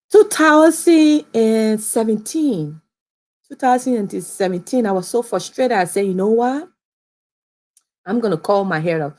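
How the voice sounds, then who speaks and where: A woman's voice: medium pitch, darkish tone. A young adult woman from Liberia telling a personal story to camera in a chatty, repetitive way, often calling viewers "guys". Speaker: vlogger.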